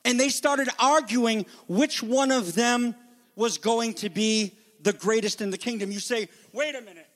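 A male pastor preaching a sermon in an animated way, briefly acting out the voices of people in the story. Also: very high voice, unhurried, in a large hall.

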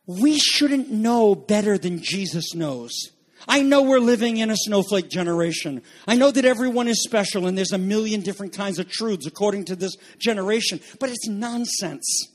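A man preaching an urgent sermon, swinging between loud pressing warnings and low quiet passages, repeating phrases and asking his listeners questions. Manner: repeats phrases for emphasis and asks the audience questions.

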